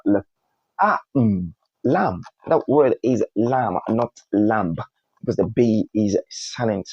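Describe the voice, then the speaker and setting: Slow, deliberate male phonics teacher. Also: mid-range voice, warm tone, no echo, muffled recording. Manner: slow, spells out letters one by one, repeats words. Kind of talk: spoken phonics lesson.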